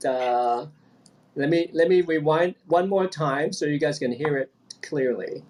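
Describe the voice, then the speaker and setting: A man's voice: on the high side, measured pace, very noisy. Guy coaching accents over a video call, patient, keeps repeating himself. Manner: patient, repeats instructions often. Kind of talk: online group lesson.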